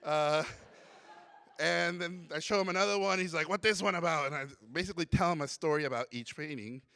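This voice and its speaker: Animated storytelling man from Mexico. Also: a little high, fairly quick, clear, resonant tone, dry recording. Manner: animated storyteller who acts out quotes. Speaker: conference speaker. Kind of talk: storytelling keynote talk. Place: conference hall.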